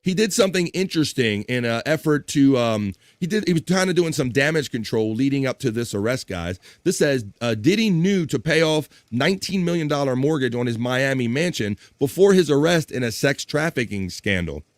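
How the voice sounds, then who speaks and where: A man's voice: medium pitch, expressive, brisk, hardly any pauses, dry recording, studio quality. A man hosting a casual livestream chat show, chatting and reading viewer comments aloud. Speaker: host.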